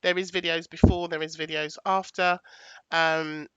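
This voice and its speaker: A woman's voice: deep voice, flat delivery, measured pace, smooth, no echo, muffled recording. A woman hosting a casual livestream, chatting to viewers and thinking aloud as she sets up a presentation. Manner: chatty, thanks viewers, thinks aloud while picking graphics. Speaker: livestream host.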